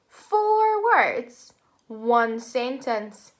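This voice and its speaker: A woman teaching a phonics lesson to young children, speaking slowly and clearly and sounding out words in an encouraging way. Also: on the high side, lively intonation, a bit bright. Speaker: primary school teacher.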